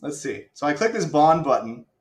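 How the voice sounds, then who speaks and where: A man's voice: on the high side, very animated, normal speed, reverberant. Chatty man demoing a game live. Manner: chatty, self-mocking, swears casually. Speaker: stream host. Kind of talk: casual live-stream game demo.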